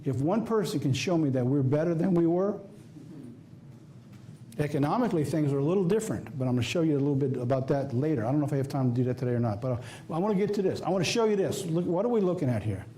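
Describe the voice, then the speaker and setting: A man's voice: on the high side, lively intonation, fast, dark tone, slight background noise. A man with a Southern US accent preaching a sermon, emphatic and folksy, firing off rhetorical questions. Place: church office or studio.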